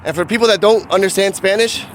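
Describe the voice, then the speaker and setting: Reaction host, male, from Puerto Rico, blunt chatty commentary, higher voice. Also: quick pace, slight background noise. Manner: blunt, rhetorical questions. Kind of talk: casual reaction vlog commentary.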